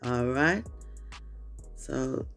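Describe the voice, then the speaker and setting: Slow-talking Jamaican woman cooking. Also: extremely low pitch, vocal fry, fairly bright tone, faint music behind. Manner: chatty, patois-laced, talks straight to viewers. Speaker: cooking vlogger. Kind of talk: casual cooking demonstration.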